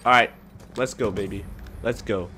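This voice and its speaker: A young man giving casual commentary over his own gameplay, excitable and trash-talking, swinging between low mumbles and sudden shouts. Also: normal speed, slight background noise. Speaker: gaming channel host.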